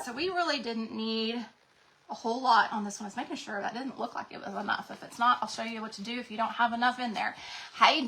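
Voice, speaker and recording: Bright, breathless crafting host. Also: female voice, on the high side, creaky, a little hiss or hum. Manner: chatty, greets viewers by name. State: congested, out of breath. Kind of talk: casual livestream chat.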